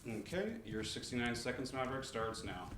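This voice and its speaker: A man hosting a live comedy competition, announcing rounds in a brisk manner. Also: medium pitch, animated, fairly bright tone, roomy sound. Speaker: game show host. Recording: live audience in the room.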